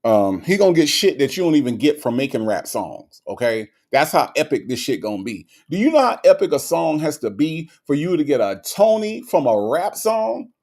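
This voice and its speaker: Brief: male streamer, casual comedic commentary, gravelly, repeats himself for emphasis. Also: a little high, brisk, few pauses. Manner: animated, repetitive, laughing asides. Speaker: livestream host reading chat.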